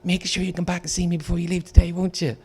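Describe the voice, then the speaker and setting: A man's voice: high voice, monotone, fast talker, mellow, breathy edge, pitched above the performer's own voice. A man voicing a fond woman teacher with a Northern Irish accent, cooing and proud. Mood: tender. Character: fond, sweet-talking woman primary teacher.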